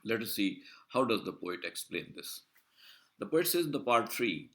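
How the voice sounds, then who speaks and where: Male lecturer, low voice, methodical explainer, repeats himself with hesitations. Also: very animated, fairly bright tone. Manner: deliberate, explanatory, repeats and rephrases points; frequent filler "uh" and restarts. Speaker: university lecturer. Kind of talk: recorded video lecture.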